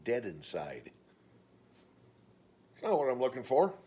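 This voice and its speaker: Animated middle-aged man telling stories. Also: measured pace. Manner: animated storytelling, mimics others in high voices. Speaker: vlogger. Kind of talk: casual monologue vlog.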